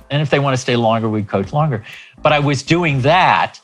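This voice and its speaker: Man, 60s, life coach guest; lively raconteur who performs the dialogue, soft music bed. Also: mid-range voice, a little fast. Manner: animated, acts out dialogue in shifting voices. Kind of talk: storytelling interview talk.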